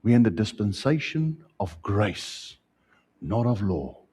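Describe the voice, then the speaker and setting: A South African pastor delivers his sermon in a husky, mellow voice. He climbs loud and high on key points, then falls back to quiet, low asides. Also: sing-song, slow pace. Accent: South African English. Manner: preaching with wide swings, rising loud then dropping soft.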